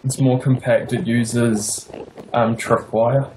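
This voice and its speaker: A young man with a New Zealand accent giving a casual tour of his game build, pausing often with fillers. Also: mid-range voice, little pitch movement, background noise. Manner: hesitant, many pauses and fillers.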